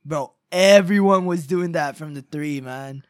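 A man's voice: on the high side, measured pace, dry recording, studio quality. A man hosting a podcast, chatting casually and swearing now and then, then reading the sign-off. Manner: casual, swears, laughs easily. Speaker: podcast host.

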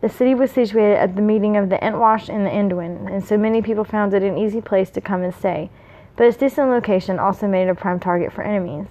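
A woman's voice: mid-range voice, fast talker, mellow. A woman reading fan fiction aloud, with small slips and asides. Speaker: reader.

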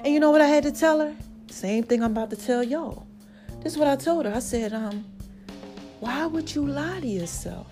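A woman casually telling a story to her viewers, animated and emphatic, speaking straight to the audience. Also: high-pitched, fairly quick, faint music behind.

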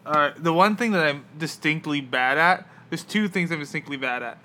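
A young man chatting casually as a podcast host. His tone is very bright and his pitch sits a little high. He talks haltingly, with lots of fillers, over a faint hiss. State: on painkillers after wisdom teeth removal.

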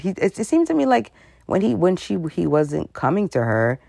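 A vlogger giving casual, rambling and suspicious commentary, with animated asides and laughter mid-sentence. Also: mid-range voice, moderate pace, creaky.

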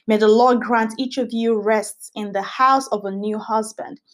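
A woman's voice: fairly high pitch, steady tone, unhurried. A woman hosting a Bible study podcast, reading scripture aloud and teaching in a casual, earnest way, often repeating phrases for emphasis.

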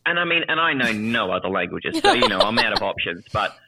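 Bright-voiced Australian man, joking. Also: on the low side, very animated, a little fast, a little hiss or hum, rough recording. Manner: jokey, self-mocking, laughs often. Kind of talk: casual chat.

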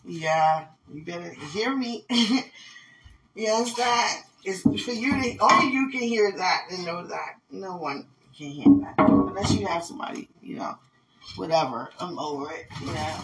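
Against a crowd in the background and a low-quality recording, a woman hosts a podcast in a voice on the low side, speaking a little slowly. She talks casually to someone absent, rambling, getting emotional and laughing often.

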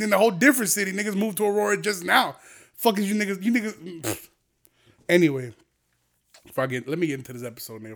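A young man delivers a heated solo podcast rant with a high voice. He curses constantly and swings between low, muttered asides and loud, fired-up outbursts. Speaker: podcast host. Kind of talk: ranting podcast monologue.

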